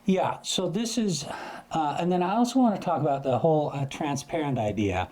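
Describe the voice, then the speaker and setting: Expressive and fairly high-pitched, this man's voice is a little mellow and moves at a moderate pace. He teaches astrophotography in an easygoing, explanatory way, at times imitating sounds to illustrate his points.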